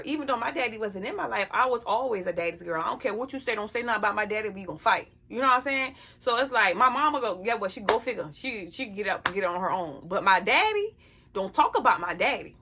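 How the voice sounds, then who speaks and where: A woman's voice: fairly high pitch, vocal fry, sharp tone. A woman talking bluntly and emphatically to her camera about being a parent, often checking in with her listener. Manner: blunt, emphatic, keeps asking "you know what I'm saying". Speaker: parent sharing life advice. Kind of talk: casual personal vlog talk.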